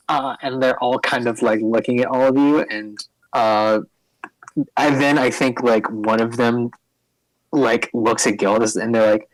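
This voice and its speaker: A man's voice: mid-range voice, no echo, poor audio. A man narrating a tabletop game as game master, rambling with many fillers. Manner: rambling, filler-heavy, laughs a lot.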